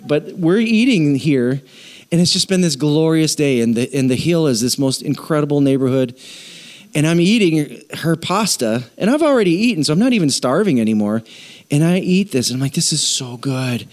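A middle-aged man, the pastor, preaching a sermon in an animated, self-deprecating storytelling way. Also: a little high, normal speed.

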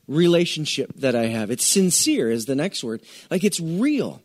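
A man's voice: a little high, sing-song, normal speed, hardly any pauses, a little mellow, no echo, studio quality. A middle-aged man from the United States preaching a conversational sermon, with joking asides, restarted sentences and key words drawn out for stress. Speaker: pastor.

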